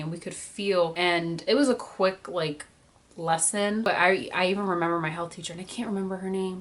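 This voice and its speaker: A woman's voice: on the low side, a bit bright. A woman in her early twenties telling a personal story to camera, candid and emotional, fighting back tears and using lots of "like". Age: early 20s. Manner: candid, emotional, many filler "like"s. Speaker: vlogger.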